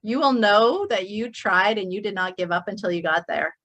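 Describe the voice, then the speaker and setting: A woman's voice: mid-range voice, normal speed, fairly bright tone. A middle-aged woman delivers a motivational speech to an online group. Her voice is impassioned and emphatic, and she pushes hard on her points like a preacher. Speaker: motivational workshop speaker. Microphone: speaking to a live online group.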